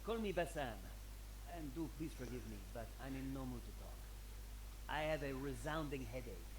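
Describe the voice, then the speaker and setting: A man's voice: medium pitch, lively intonation, moderate pace, background noise, natural voice. An actor playing a polite, weary male stall owner in a video game who is nursing a headache and reluctant to chat.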